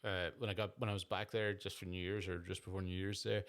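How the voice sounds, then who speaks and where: Man, low voice, podcast co-host, casual chat, laughs easily, acts out quotes. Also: level tone, fast, fairly bright tone.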